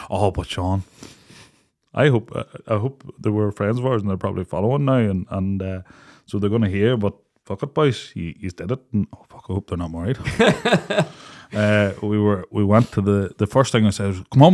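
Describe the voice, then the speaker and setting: A young Irish man co-hosting a podcast tells a night-out story in casual chat, swearing freely and acting out quotes between bursts of laughter. His voice is on the low side and a bit bright, with lively intonation at normal speed.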